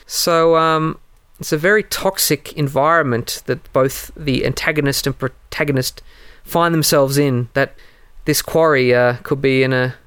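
A man trades film trivia on a casual podcast with a wry edge. His voice is smooth and slightly raised in pitch. The sound is close and dry. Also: a little slow, a bit bright, no echo. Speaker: podcast co-host.

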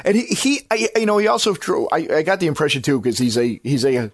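A man's voice: a little high, sing-song, fast, dry recording, clean studio sound. A man hosting a podcast, chatting casually about films in a rambling, enthusiastic way that circles back and corrects itself. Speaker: podcast host. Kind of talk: casual film-review chat.

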